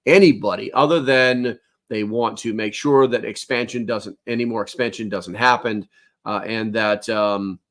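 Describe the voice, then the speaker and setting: A man's voice: on the low side, fairly even intonation, moderate pace, fairly bright tone. Blunt, rambling male news commentator. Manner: blunt, rambling, wry, occasionally profane. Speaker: host of a prepper news channel.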